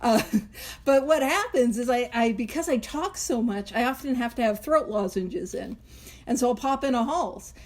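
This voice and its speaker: Woman host, high bright voice, chatty and animated, laughs between points, leads a book study. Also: moderate pace. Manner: animated, chatty, laughs often, self-interrupting asides. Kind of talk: casual teaching chat.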